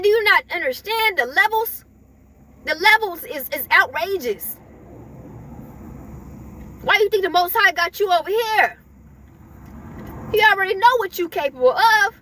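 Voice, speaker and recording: A woman's voice: extremely high pitch, a bit bright. A woman giving an emphatic, repetitive spiritual pep talk to her viewers, chuckling between points. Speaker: spiritual vlogger.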